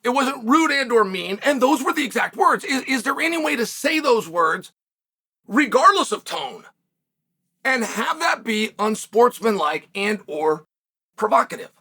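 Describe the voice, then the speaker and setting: Bright high-voiced man, emphatic commentator. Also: sing-song, measured pace, breathy edge. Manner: emphatic, rhetorical questions, bursts of raised voice. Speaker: combat sports commentator host. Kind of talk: solo commentary monologue.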